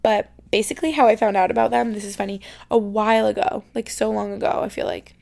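Gravelly-voiced young woman chatting. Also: medium pitch, steady tone, quick pace. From New York State. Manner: chatty, lots of "like" fillers, drops to soft whispery asides. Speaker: podcast host. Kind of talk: casual chat. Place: her bedroom.

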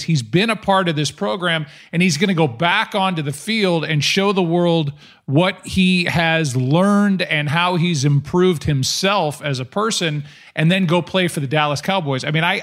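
A man's voice: fairly high pitch, a bit bright. A man co-hosting a podcast, enthusiastically laying out a sports story in detail. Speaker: podcast co-host. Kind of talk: casual podcast conversation.

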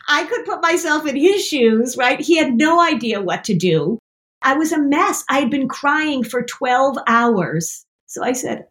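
A woman's voice: high voice, lively intonation, normal speed, a bit bright. Woman guest on a podcast, self-deprecating, laughs a lot, chatty storyteller. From New England, United States. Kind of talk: casual podcast chat.

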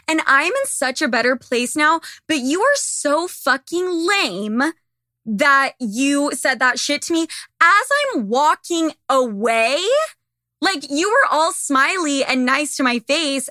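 Young woman, podcast host, blunt, profane, bright tone, dry recording, voice slightly worn. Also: high voice, no echo. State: losing her voice. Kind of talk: casual monologue to listeners.

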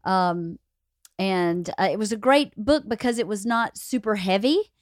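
A woman from Georgia hosting a casual podcast chat, blunt and quick to react. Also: medium pitch, no echo, studio quality. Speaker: podcast host.

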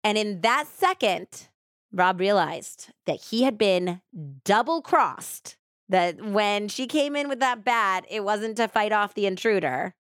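A woman hosting a true crime podcast, retelling the case in a casual, animated way full of quoted voices and asides. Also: mid-range voice, measured pace, no echo, clean studio sound. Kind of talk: casual storytelling narration.

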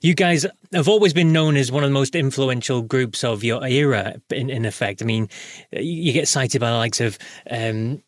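A man's voice: mid-range voice, moderate pace, no echo, studio quality. A man interviewing a musician, asking long enthusiastic run-on questions.

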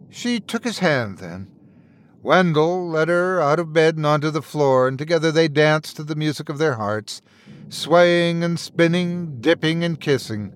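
A man narrating a dark fairy tale in an expressive, dramatic storytelling manner. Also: fairly high pitch, measured pace, slight background noise. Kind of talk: scripted horror story narration.

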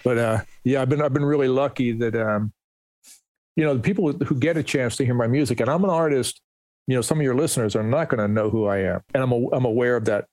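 A man's voice: medium pitch, fast, a little mellow, no echo. A man in his sixties, a musician guest telling stories in a rambling, self-deprecating way. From New Jersey, US. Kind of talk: casual storytelling interview.

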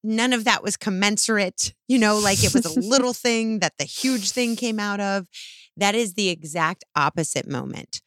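A woman's voice: mid-range voice, normal speed, hardly any pauses, fairly bright tone, no echo, clean studio sound. A woman co-hosting a podcast, speaking candidly and bluntly and swearing casually. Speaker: podcast co-host.

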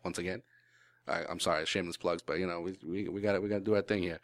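A man's voice: low-pitched, fairly even intonation, racing, no room sound, studio quality. A male podcast host in casual sports chat, rambling with lots of restarts and the odd swear word.

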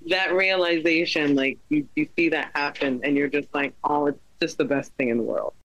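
A woman comedian chatting as a podcast guest, an animated storyteller who acts out the voices in her stories. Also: low-pitched, normal speed, no room sound, muffled recording. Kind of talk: casual podcast chat.

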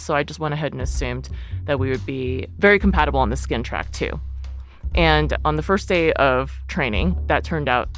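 A woman telling a personal story in a casual, chatty way, full of fillers and light laughter. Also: low-pitched. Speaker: guest, writer and athlete.

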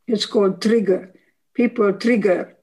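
A woman in her nineties, a psychologist giving advice in an interview, slow and earnest, often acting out quoted dialogue. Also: medium pitch, fairly even intonation, dark tone, husky, poor audio. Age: 90s. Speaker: psychologist guest. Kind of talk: interview answers.

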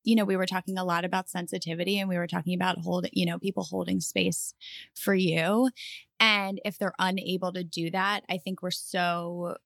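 A woman's voice: fairly low pitch, little pitch movement, normal speed, vocal fry, fairly bright tone, dry recording, studio quality. A woman co-hosting a podcast in casual chat, earnest and reflective as she explains her view. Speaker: podcast co-host.

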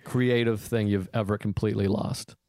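A man's voice: lowish voice, fairly even intonation, normal speed, mellow, no echo, studio quality. A man with a Boston accent hosting a podcast, rambling and self-deprecating in casual chat. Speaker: podcast host.

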